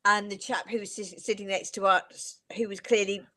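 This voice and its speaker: A woman at a middle pitch runs the interview with playful, teasing questions. She keeps a relaxed, chatty flow and laughs along with her guest. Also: moderate pace. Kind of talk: casual chat on a live stream.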